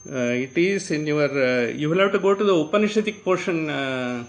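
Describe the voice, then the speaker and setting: An older man from India, giving an unhurried spiritual discourse, often saying "you know" and chanting verses slowly. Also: on the high side, animated, rough recording. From South India. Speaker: teacher of scripture.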